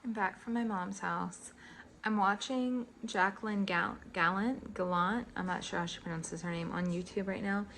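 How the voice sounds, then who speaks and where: A woman in her thirties vlogs casually into a phone held at arm's length, first in her car and then at home, chatting and rambling. Her mid-range voice is steady and a bit bright at normal speed, with slight background noise.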